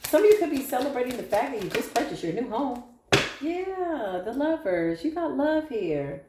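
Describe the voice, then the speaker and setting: A woman giving a casual tarot reading to viewers, animated, blunt and sassy, swearing freely. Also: high voice, normal speed, very noisy. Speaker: tarot reader. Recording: echoey room.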